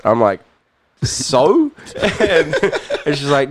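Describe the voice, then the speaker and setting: A man's voice: fairly high pitch, animated, slow pace, no room sound. A young man telling a story in casual chat, laughing often and swearing freely. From New Zealand. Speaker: podcast guest, musician.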